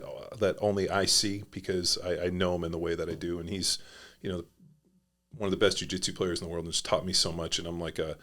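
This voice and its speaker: Middle-aged male guest with a very low voice, rambling, filler-heavy and profane. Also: bright, forceful tone. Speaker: podcast guest, former pro football player. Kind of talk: casual conversational storytelling.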